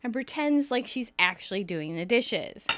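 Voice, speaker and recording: A woman's voice: on the high side, expressive, moderate pace, background noise. A woman co-hosting a podcast, recapping a sitcom episode in casual chat and laughing often. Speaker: podcast co-host.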